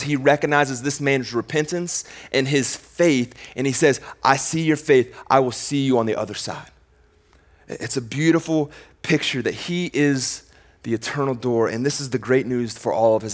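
A male pastor delivering a sermon, moving between emphatic, raised declarations and quiet, slowed passages, with a casual, conversational way of phrasing. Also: medium pitch.

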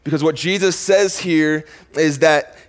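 A male pastor delivering a sermon, moving between emphatic, raised declarations and quiet, slowed passages, with a casual, conversational way of phrasing. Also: a little high.

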